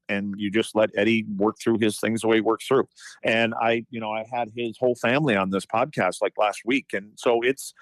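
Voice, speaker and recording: A man in his fifties, a former hockey player, telling animated stories on a podcast with lots of restarts. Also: mid-range voice, dry recording. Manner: animated anecdotes, frequent restarts and profanity in quotes. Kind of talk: casual storytelling chat.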